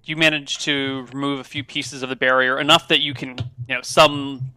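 A man runs a tabletop game, describing each scene in halting, detailed narration. His voice is strikingly bright and sharp, and the recording is close and dry. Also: medium pitch, flat delivery, clean tone, no room sound. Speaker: game master.

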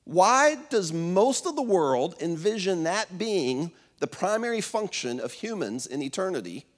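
A man's voice: high voice, big pitch swings, unhurried. A man in his fifties preaching a sermon as pastor, telling stories in a conversational way, with many fillers and restarts. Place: church auditorium. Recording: long hall reverb.

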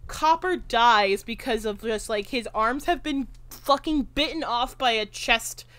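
A woman's voice: on the high side, unhurried, a bit bright, no room sound. A young woman co-hosting a casual movie podcast, recapping scenes in a rambling way with lots of fillers and swearing. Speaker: podcast co-host. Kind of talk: casual movie-discussion chat.

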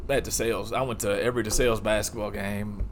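A man's voice: on the low side, fairly even intonation, fast. A middle-aged man telling a profane story in casual chat, chuckling and sometimes dropping to a mutter. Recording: noisy room.

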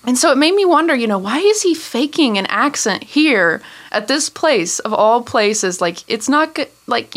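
A woman with an American accent, co-hosting a casual podcast chat and telling a story with lively laughter. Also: on the high side. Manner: animated storytelling, laughs often. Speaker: podcast co-host.

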